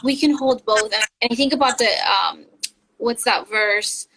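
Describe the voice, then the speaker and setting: A woman's voice: fairly high pitch, measured pace, a bit bright, slightly rough, low-quality recording. A woman co-hosting a casual faith podcast, earnest and encouraging, laughing often. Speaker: podcast co-host.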